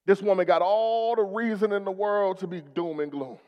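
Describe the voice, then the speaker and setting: Preacher, male, rousing sermon with call-and-response, high and lively voice, long church reverb. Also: moderate pace, lo-fi sound. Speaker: pastor.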